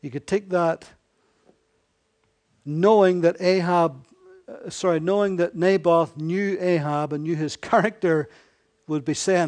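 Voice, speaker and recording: A man's voice: on the high side, fairly even intonation, a little slow, pauses often, darkish tone. A man preaching a sermon in a conversational way, often correcting himself and voicing scripture as dialogue.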